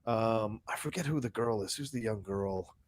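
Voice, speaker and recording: A man co-hosting a podcast in casual chat, enthusiastic and swearing, a bit stuffed up. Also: on the low side. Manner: enthusiastic, swearing, quick reactions. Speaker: podcast co-host.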